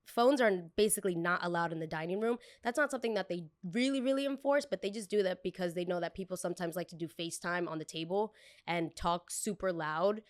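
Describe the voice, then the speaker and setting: A woman's voice: fairly low pitch, fast talker, no echo, studio quality. Chatty young woman telling a story. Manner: chatty, animated, acts out every voice in the story, curses freely. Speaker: podcast host. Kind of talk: casual storytelling.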